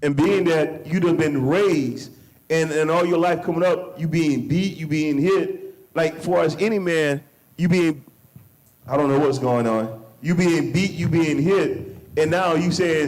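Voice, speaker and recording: Black guy hosting a men's talk, kinda high voice, emphatic, repeats himself a lot. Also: a little slow, poor audio. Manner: emphatic, repeats himself, lively pitch swings. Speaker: host. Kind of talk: animated men's group discussion.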